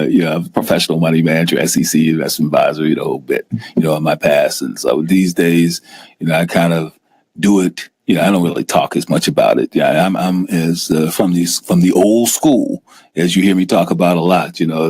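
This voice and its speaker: A middle-aged man hosting a casual live-stream talk show, animated and often acting out scared investors in a raised voice. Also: deep voice, husky. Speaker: host.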